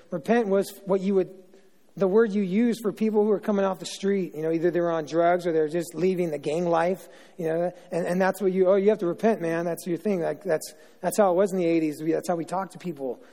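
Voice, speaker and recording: A man's voice: high voice, warm tone. A middle-aged male pastor giving an informal, joking sermon, chatty and full of asides and self-interruptions. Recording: long reverb of a large hall.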